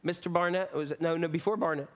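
A middle-aged man delivers a sermon, talking to his congregation in a loose, conversational way. His voice sits a little high for a man, and he drifts into jokes and side stories before coming back to his point. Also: steady tone, fast. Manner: conversational, rambling with asides and jokes. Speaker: pastor.

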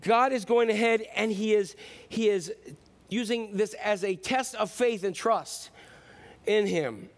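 Animated, high-voiced male pastor. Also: unhurried. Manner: conversational, animated preaching with fillers and asides. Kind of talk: sermon.

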